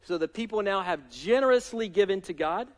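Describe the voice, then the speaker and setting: A male pastor with a high-pitched voice delivers a sermon with energy. He is emphatic and punches key lines. He also slips into casual, self-mocking asides. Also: lively intonation, a little fast.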